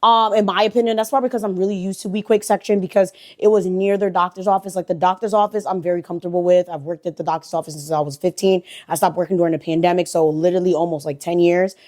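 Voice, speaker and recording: A young woman from New Jersey talking straight to her viewers in a casual storytime vlog, animated and profane. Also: lowish voice, fast, hardly any pauses. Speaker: vlogger.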